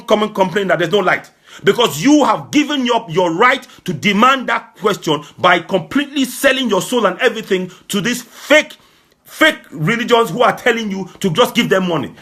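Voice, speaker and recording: A man giving an impassioned political address to his audience, fervent and repetitive, sometimes shouting. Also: high voice. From Nigeria. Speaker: political broadcaster.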